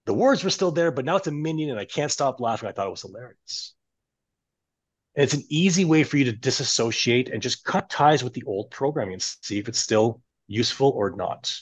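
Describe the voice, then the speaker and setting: A man speaks as a coach in a podcast conversation, walking his listeners through an exercise with lively, instructive energy. His voice sits in an ordinary middle register for a man. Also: medium pitch, brisk, slightly rough.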